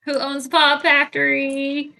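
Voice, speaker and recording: A woman's voice: sits high, monotone, measured pace, gravelly, pushed and bright. Woman, casual chat, bubbly, filler-heavy, crafting show co-host. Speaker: co-host of a cross-stitch video podcast. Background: TV playing.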